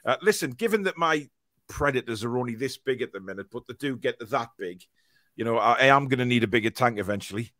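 A man's voice: mid-range voice, animated, fast talker, bright, forceful tone, no echo, studio quality. A man hosting a casual fan podcast, reading out live comments and chatting, rambling with fillers and restarts. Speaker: podcast host.

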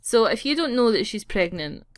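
A woman's voice: on the high side, very animated, moderate pace. A woman giving casual, giggly let's-play commentary, often exasperated with the characters. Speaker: gaming channel host.

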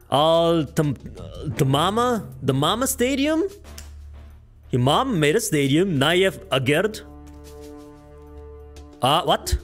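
A male streamer talking casually on a live stream, excitable, swearing often and stumbling over hard names. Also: fairly high pitch, slow, pauses often, soft background music.

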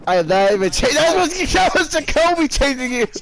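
A man in casual gaming voice chat, loudly and excitably protesting to his friends over a headset. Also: very high-pitched, fast, over music. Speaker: gamer in group voice chat.

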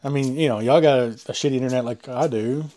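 A man's voice: medium pitch, fast, warm tone. A man hosting a card box opening, rambling in casual chat, swearing freely and cracking crude jokes into a close mic. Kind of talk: casual chat while unboxing. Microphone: close mic he says he overloads.

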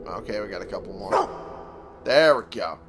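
A man's voice: on the low side, expressive, normal speed. A man giving casual, grumbling gameplay commentary, sleepy and yawning now and then, swearing at the game. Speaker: let's play gamer. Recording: clear background noise.

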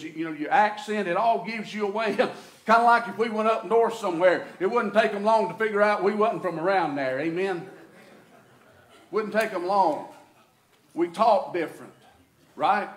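A man with a Southern US accent preaching a sermon as pastor, folksy and swinging between loud and quiet. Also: sits high, moderate pace. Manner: folksy preaching, rising and falling in intensity. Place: church sanctuary. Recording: echoey church room.

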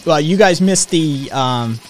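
A man's voice: fairly high pitch, expressive, slow, soft background music. A man streaming live from home, chatting with viewers in a profane, ranting way. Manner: profane, ranting, talks to chat. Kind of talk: casual live-stream chat.

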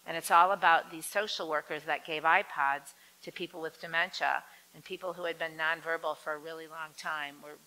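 A woman lecturing an audience on dementia care, lively and acting out quoted voices. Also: brisk, hardly any pauses, poor audio. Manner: lively, acts out quoted voices with big swings in pitch.

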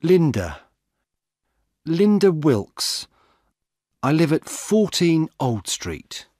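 An earnest young woman, voiced by a man sounds worried and keen to help, her pitch raised and animated. It is read close to the mic in a dry room, storybook style. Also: drawn-out words, no echo, exaggerated voice.

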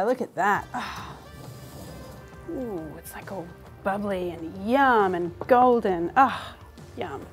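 A woman in her thirties hosting a cooking show from her home kitchen. She talks casually and enthusiastically through the recipe and laughs often. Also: a little high.

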